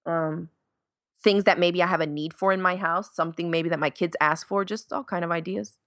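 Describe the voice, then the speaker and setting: A woman's voice: on the low side, fairly even intonation, fairly quick, a bit bright, no room sound, clean studio sound. A woman in her thirties, a guest on a podcast, chatting casually and acting out quotes as she tells stories. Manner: chatty storyteller, acts out quotes with laughs. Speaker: podcast guest, sewing YouTuber. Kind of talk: casual interview chat.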